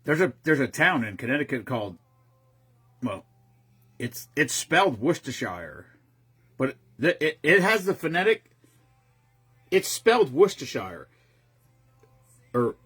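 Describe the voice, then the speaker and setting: Casual host, man in his fifties, very husky and raspy, lively rambling delivery. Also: mid-range voice, measured pace, long pauses. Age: 50s. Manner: rambling and profane, with frequent restarts. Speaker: streamer host. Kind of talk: casual chat.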